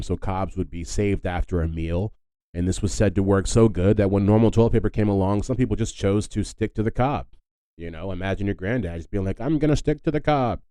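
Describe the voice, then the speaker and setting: A man's voice: deep voice, mellow, dry recording, rough recording. A man hosting a casual solo podcast, rambling with lots of fillers and wry joking asides. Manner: rambling and filler-heavy, often adds "if you will". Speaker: podcast host.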